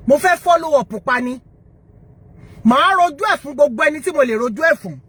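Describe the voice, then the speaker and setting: A woman's voice: high voice, lively intonation, brisk, a bit bright, dry recording. A woman with a Yoruba Nigerian accent giving emphatic live-stream commentary to her viewers, firing rhetorical questions as she switches between English and Yoruba. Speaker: online motivational speaker.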